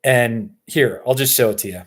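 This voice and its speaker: Brief: American male streamer, slightly high voice, relaxed slow chat, easily excited. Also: very noisy. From Colorado, USA. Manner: chatty and excitable, chuckling often. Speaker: YouTuber hosting a live stream. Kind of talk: casual live-stream chat.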